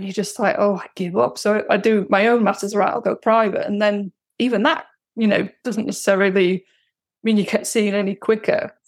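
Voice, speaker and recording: Gravelly-voiced woman venting. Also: mid-range voice. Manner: frank, venting frustration. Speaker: therapy client. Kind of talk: candid personal account.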